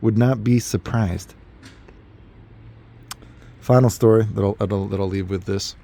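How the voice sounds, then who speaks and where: A young adult man telling casual anecdotes in an animated, rambling way, full of fillers and laughter. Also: lowish voice, measured pace, creaky. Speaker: storyteller.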